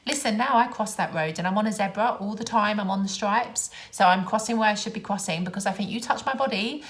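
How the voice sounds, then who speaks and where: A young woman with a London accent vents about her everyday annoyances in a casual vlog. She talks with exasperated sarcasm and animated emphasis. Her pitch sits in an ordinary middle range. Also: fast talker. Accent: London English. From London, England. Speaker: vlogger.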